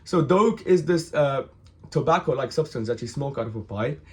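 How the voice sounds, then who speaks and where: A hungover man tells a story straight to the camera, loose and animated, dropping swear words everywhere. His voice sits at an ordinary middle pitch, and he keeps jumping in to act out what other people said. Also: moderate pace. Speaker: vlogger telling a story. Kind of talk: casual storytelling monologue.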